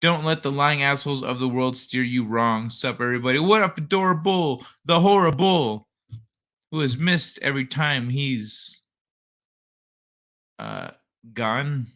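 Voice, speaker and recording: Young male streamer, bright tone, casual and profane, rambling late-night chat. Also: medium pitch, big pitch swings, measured pace. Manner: rambling, profane, laid-back. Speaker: live stream host. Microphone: desk microphone he adjusts.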